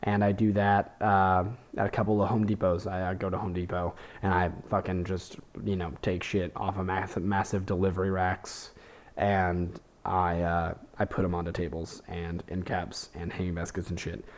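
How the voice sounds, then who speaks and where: In a casual comedy monologue, a young man hosting a podcast wanders through self-mocking stories laced with swearing and fillers. His voice is deep and level, and he talks at a moderate pace.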